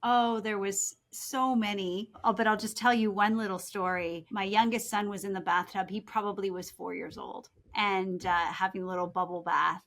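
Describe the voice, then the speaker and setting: A middle-aged woman, an executive coach being interviewed, telling family anecdotes in a lively way and laughing as she goes. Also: medium pitch, moderate pace, few pauses. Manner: animated, laughs through anecdotes, acts out quoted voices. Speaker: executive coach and author, guest. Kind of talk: storytelling in a podcast interview.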